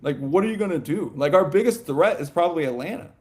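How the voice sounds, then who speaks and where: Guy on a sports podcast, kinda high voice, rambly, says like a lot, laughs mid-sentence. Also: fast talker. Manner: animated, rambling, heavy on "like" and "you know". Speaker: podcast co-host. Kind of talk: casual sports chat.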